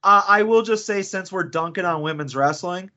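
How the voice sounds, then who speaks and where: A man with a high-pitched, sharp voice co-hosts a podcast, talking at normal speed in rambling, casual chat packed with fillers and restarts. The recording sounds dull and lo-fi.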